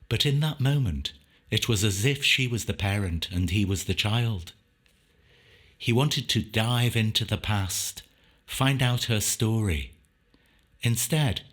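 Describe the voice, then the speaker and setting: A man reading a short story aloud in a measured, reflective narration. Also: lowish voice.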